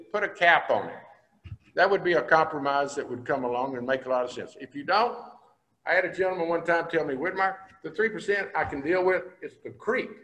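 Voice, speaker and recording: A man's voice: fairly high pitch, fairly bright tone, highs cut off. Folksy older man speaking in a hall. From Texas. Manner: folksy storytelling, plain-spoken. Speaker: state senator. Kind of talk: speech to a business breakfast. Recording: long hall reverb.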